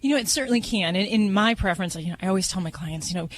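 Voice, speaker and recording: Folksy woman vet giving advice. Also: mid-range voice. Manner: folksy, explains slowly with fillers. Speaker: veterinarian guest. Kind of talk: casual advice on radio.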